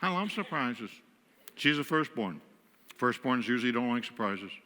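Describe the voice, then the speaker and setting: A man's voice: mid-range voice, lively intonation, moderate pace, pushed and bright. A man from western New York, a guest speaker telling wry, self-mocking stories in a humorous sermon. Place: church sanctuary. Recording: church hall reverb.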